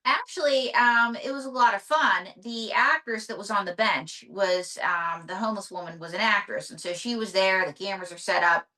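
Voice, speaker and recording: A woman, a ventriloquist, talking casually as an interview guest with animated storytelling. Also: mid-range voice, moderate pace, hardly any pauses.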